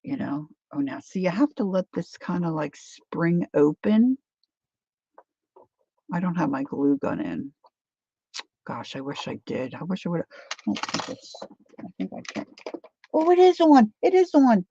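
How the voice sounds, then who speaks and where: A woman's voice: low-pitched, lively intonation, unhurried, long pauses, warm tone, husky, no room sound, highs cut off. A woman hosting a craft livestream, rambling chattily through a demo and answering viewer comments.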